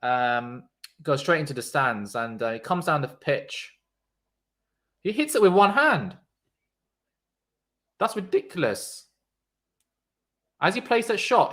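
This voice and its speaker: Excitable man commentating live cricket. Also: medium pitch. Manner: chatty, reacts loudly to shots, reads out chat messages. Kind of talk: casual live watchalong commentary.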